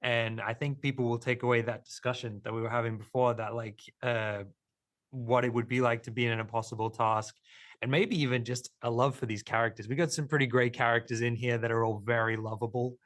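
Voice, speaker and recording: Young Australian actor being interviewed, mid-pitched, earnest, thinks aloud. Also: male voice, fairly even intonation, brisk, fairly bright tone. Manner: thoughtful, earnest, with fillers. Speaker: actor guest. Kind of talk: interview answers.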